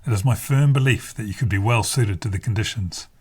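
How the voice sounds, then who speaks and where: A man's voice: mid-range voice, normal speed, lightly acted. A man voicing a wild young Dublin man who mockingly puts on a posh, plummy voice, in a storybook reading. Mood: mock posh. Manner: mocking, plummy put-on toff voice.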